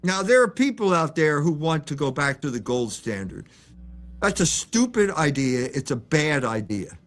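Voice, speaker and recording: A man's voice: on the high side, very animated, moderate pace, fairly bright tone. An older man, a guest author on a live stream interview, lecturing in an opinionated, emphatic way. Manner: opinionated, emphatic lecturing with mocking quoted voices.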